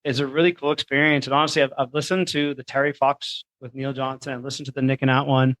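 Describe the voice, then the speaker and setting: A man's voice: medium pitch, flat delivery, fast talker, a bit bright, dry recording, poor audio. A man, an event organizer talking in a casual, earnest and enthusiastic way as a podcast guest. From Canada. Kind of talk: casual interview chat.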